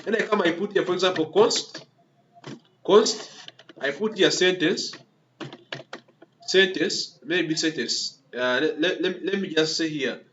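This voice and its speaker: A man with a voice a little higher than usual walks through code as he types it, repeating himself and tacking "okay?" onto nearly every phrase. The recording is dull and lo-fi, with a faint hiss underneath. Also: measured pace, pauses often, a bit bright. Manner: repetitive, constantly checks in with "okay?" and "yeah?"; talks through typing step by step, restarts words. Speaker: coding instructor. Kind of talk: screen-recorded coding tutorial.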